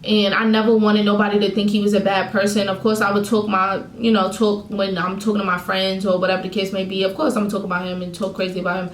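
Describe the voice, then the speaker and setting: A woman's voice: medium pitch, level tone, fast talker, hardly any pauses, roomy sound, a little hiss or hum, rough recording. A woman vlogger venting candidly to her viewers, telling a painful breakup story in her own words. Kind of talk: emotional storytime vlog.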